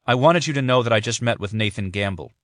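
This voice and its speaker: A man voicing a young widowed mother who is grieving but composed, speaking softly and with restraint. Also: on the low side, animated, fast, no room sound, studio quality, natural voice. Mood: tired.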